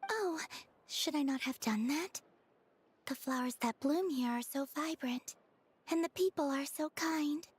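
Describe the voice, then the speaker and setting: An actress voicing a gentle, dreamy and naive young woman in a video game who speaks softly and innocently. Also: high-pitched, unhurried, no room sound. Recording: game audio over music.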